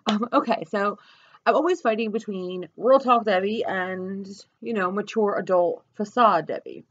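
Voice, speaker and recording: A woman's voice: medium pitch, moderate pace, no echo, muffled recording. A woman from South Jersey ranting profanely and bluntly in a vlog, talking from her car. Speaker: vlogger. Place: car with dogs.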